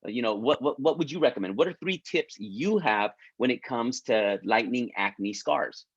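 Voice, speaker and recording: A man's voice: medium pitch, lively intonation, normal speed, slightly rough, no echo. Man giving a stumbling, repetitive pep talk. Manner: repetitive, stumbling restarts, keeps asking "right?"; encouraging, pleading with listeners. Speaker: business coach leading an online group. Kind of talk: casual motivational pep talk. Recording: dry, muffled lo-fi audio.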